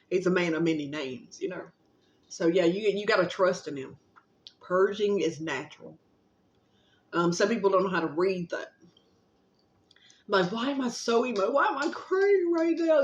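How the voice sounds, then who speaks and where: Woman, spiritual vlog, laid-back, rambling, affectionate, fillers, roomy room, slightly muffled sound. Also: on the low side. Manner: gently encouraging, affectionate. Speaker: spiritual vlogger. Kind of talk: casual spiritual pep talk. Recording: roomy, slightly dull recording.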